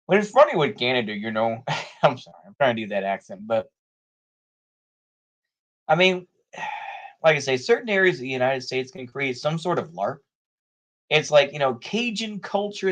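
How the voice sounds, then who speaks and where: A man's voice: mid-range voice, a bit bright. A man talking casually in rambling political commentary, full of "you know" fillers and frequent laughs.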